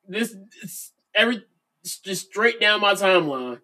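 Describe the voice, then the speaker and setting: Man, co-host, high-pitched voice, teasing banter. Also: expressive, moderate pace, pushed and bright. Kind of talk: casual chat.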